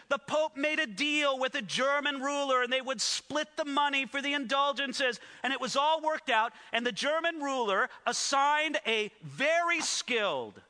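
A man giving a sermon, telling a story with lively asides to the audience. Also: very high-pitched. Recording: echoey hall.

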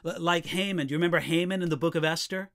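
A man preaching a sermon, reading scripture slowly and asking the listeners rhetorical questions. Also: on the high side, steady tone, a bit bright.

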